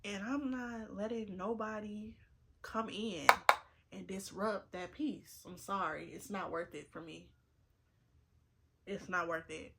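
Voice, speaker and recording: A woman's voice: mid-range voice, fairly even intonation, takes it slowly, gravelly, fairly bright tone. A woman in her twenties chatting earnestly to camera while getting ready, repeating herself for emphasis and fighting back tears. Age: 20s. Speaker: vlogger. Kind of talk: casual get-ready-with-me chat.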